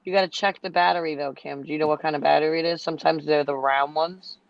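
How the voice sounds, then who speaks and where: A woman with a gravelly, creaky voice chats casually and teases her friends in an easygoing way. The sound is dull and lo-fi, and dry. Her pitch sits in the middle range. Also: steady tone, quick pace, no room sound. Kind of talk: casual group chat.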